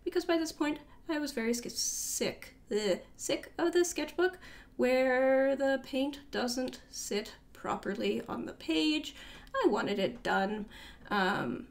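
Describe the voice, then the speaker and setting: A woman's voice: sits high, lively intonation, slow, creaky. A young adult woman casually talking through a tour of her sketchbooks, chatty and rambling, often trailing off and correcting herself. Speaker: artist showing her sketchbook.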